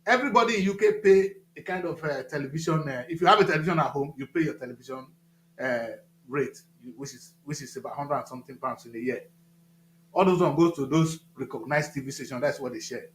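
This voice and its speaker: Nigerian male commentator, bright animated delivery, echoey room, emphatic and heated. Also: on the high side, fast, slight background noise. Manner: emphatic, repetitive, rising to loud outbursts. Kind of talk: impassioned talk-show commentary.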